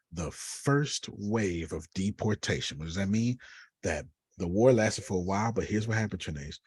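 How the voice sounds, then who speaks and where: Lively husky man teaching Bible lesson. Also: deep voice, no echo. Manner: lively, preachy, talks straight to listeners by name; uses Black church phrasing. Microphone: video call.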